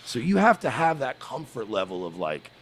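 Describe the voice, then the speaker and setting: A man's voice: mid-range voice, sing-song, normal speed, a bit bright, slight background noise. A man from the United States telling crude, boastful stories in casual chat, with frequent restarts.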